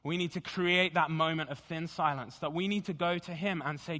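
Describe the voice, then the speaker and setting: A pastor speaking slowly and deliberately in a sermon, guiding the congregation through a scripture meditation. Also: male voice, on the high side, steady tone. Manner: slow, deliberate and gentle. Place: church sanctuary. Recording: long hall reverb.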